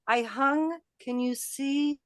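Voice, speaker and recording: A woman chats casually on a video call from her shed, her voice a touch high. The sound is dry and close. She fumbles with her camera between remarks. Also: slow, no echo. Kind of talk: casual chat.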